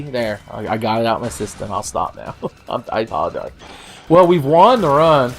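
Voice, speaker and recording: A man's voice: medium pitch, expressive, normal speed, slightly rough, faint music behind. A man giving joking, rambling commentary as he plays a video game, cursing freely. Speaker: let's play host. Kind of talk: gameplay commentary.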